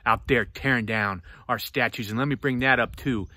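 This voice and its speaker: A man reviewing a book in a passionate, preachy vlog rant that swings between loud outbursts and low, intense talk. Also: steady tone, brisk, hardly any pauses.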